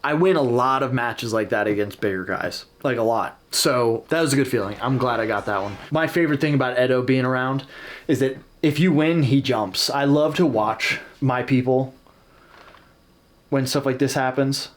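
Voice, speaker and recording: A man's voice: medium pitch, moderate pace. A man hosting a casual reaction video, talking candidly and self-deprecatingly about his own match footage.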